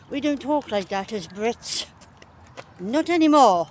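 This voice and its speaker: Filming on her phone during a park walk, this English vlogger chats and teases with her sister, laughing often. She speaks a little slowly with lively intonation and a fairly high pitch, and a bit of outdoor noise comes through.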